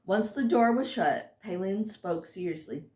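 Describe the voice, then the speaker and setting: A woman reading aloud from her own fantasy novel, informally and haltingly, stumbling over words and restarting sentences. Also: mid-range voice, expressive, darkish tone, reverberant. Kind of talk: unpolished audiobook reading.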